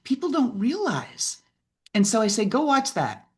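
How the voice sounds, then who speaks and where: A woman speaking as a podcast guest and business mentor, telling lively stories, acting out quoted voices and often asking "right?". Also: fairly high pitch, a little slow. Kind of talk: animated interview conversation.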